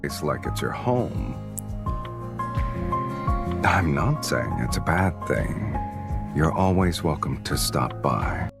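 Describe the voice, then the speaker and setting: An actor playing a calm, teasing young man with a very deep voice, heard in a clip played on stream. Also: over loud music, heavily acted. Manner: slow, low and gravelly.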